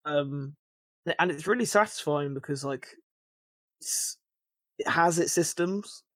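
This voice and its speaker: A man's voice: fairly high pitch, slow, dry recording. A man co-hosting a podcast, chatting casually and rambling, with frequent restarts and filler words. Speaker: podcast co-host.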